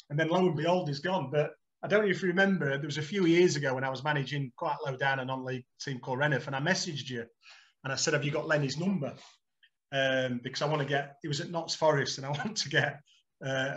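Bright-voiced man telling stories. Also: a little high, highs cut off. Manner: animated anecdotes, acts out dialogue, laughs often. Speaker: guest, former footballer. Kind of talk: casual podcast storytelling.

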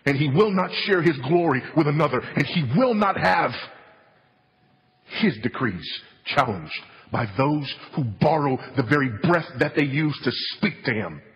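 A man delivers a sermon with emphatic, repeated lines and solemn, weighty stresses. His voice sits a bit high for a man. The recording is slightly dull and lo-fi. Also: expressive, normal speed, a bit bright, big-room sound. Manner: emphatic, repetitive preaching with falling, solemn stresses. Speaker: preacher.

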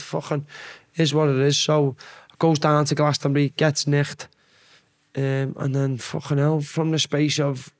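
Sweary Scouse man telling stories. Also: a little high. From Liverpool. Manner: sweary, rambling anecdotes with acted-out quotes. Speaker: podcast guest. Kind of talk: casual storytelling chat.

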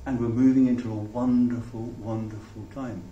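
Male pastor, halting reflective sermon, distant echoey church recording with faint noise. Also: mid-range voice, level tone, warm tone, dull audio. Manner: reflective, halting, with many restarts. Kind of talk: sermon with closing prayer. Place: church hall.

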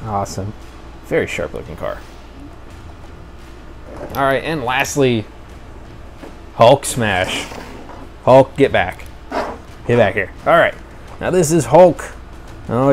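A man talks through a casual toy review in a voice of middling pitch, enthusiastic and chatty. He thinks out loud as he goes, and a faint hiss of noise sits behind him.

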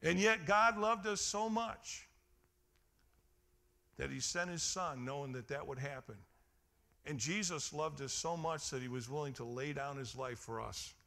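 A man preaching a sermon as pastor, calling out to the congregation and swinging between loud exclamations and quiet emphasis. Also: fairly high pitch, unhurried, creaky. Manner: calls out to the congregation for responses.

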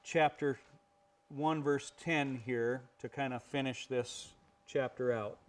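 A man's voice: medium pitch, steady tone, slow pace. A man teaching a Bible study. He explains the passages, reads scripture aloud and asks rhetorical questions.

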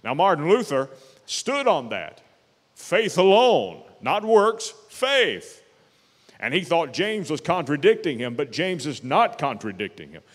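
Emphatic preacher with hall reverb. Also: male voice, fairly high pitch. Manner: emphatic preaching, slowing on key words. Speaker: pastor. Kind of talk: sermon. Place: church sanctuary.

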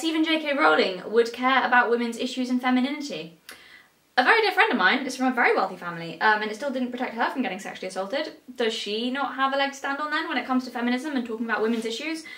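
A woman's voice: a little high, fairly bright tone, reverberant, distant mic. An English woman giving a sarcastic commentary rant and firing mocking questions. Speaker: commentary YouTuber.

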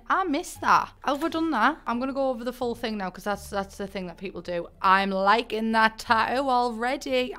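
A woman in her twenties with a Northern English accent, chatting excitedly as she reacts to a game trailer for her channel. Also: medium pitch. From northern England. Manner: chatty, excitable, rambling asides. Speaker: gaming YouTuber.

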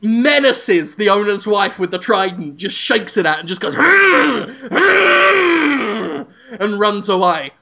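A man co-hosting a podcast, telling a rambling comic story with animated delivery. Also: high-pitched, moderate pace, few pauses, muffled recording. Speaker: podcast co-host.

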